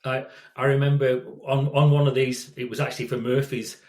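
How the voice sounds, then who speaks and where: A man's voice: mid-range voice, level tone, a little fast, darkish tone. Man in his sixties, rambling storyteller, restarts often, echoey room. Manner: rambling, repeats words and restarts. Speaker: guest, safety consultant. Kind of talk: storytelling in casual interview.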